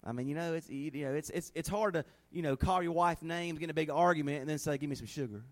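A middle-aged man preaching a sermon in a folksy, animated way, acting out little scenes in a hushed voice. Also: fairly high pitch, quick pace. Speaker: pastor.

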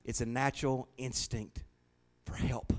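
A man's voice: medium pitch, fairly even intonation, unhurried. Folksy preacher man. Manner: folksy storytelling, shifting from hushed to shouting. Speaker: pastor. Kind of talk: sermon.

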